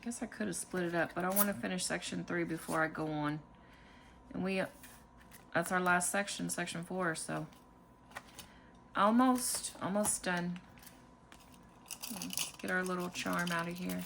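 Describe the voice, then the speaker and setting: A woman hosting a casual budgeting vlog, calmly narrating as she counts out cash and fills savings challenges. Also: on the low side, gravelly, a little hiss or hum. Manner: calm, unhurried, counting money aloud. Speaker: budgeting channel host.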